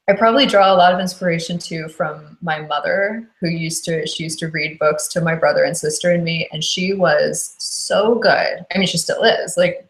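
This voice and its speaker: Brief: a low-pitched woman, audiobook narrator, chatty and filler-heavy, echoey room. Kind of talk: casual interview. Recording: roomy echo.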